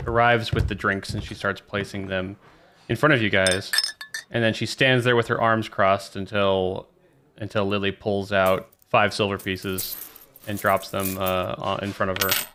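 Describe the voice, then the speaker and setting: A man narrating as game master in a lively, descriptive way. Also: lowish voice, a little slow, background noise.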